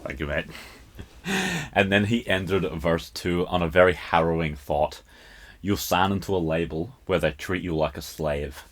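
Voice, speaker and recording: A Scottish man with a very low, deep voice hosts a casual podcast. He picks apart a song in a loose, chatty way and keeps breaking off to laugh at how his accent comes out. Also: fairly even intonation, measured pace. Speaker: podcast host.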